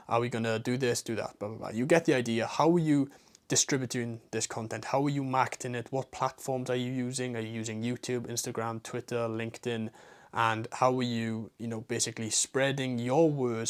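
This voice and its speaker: A man with a strong British accent giving a talking-head advice monologue as a business coach, blunt and casual, with swearing and slang and runs of rhetorical questions. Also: mid-range voice.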